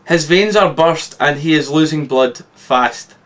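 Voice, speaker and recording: A man from Scotland reading his own short story aloud in a deadpan, matter-of-fact way. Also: a little high, unhurried.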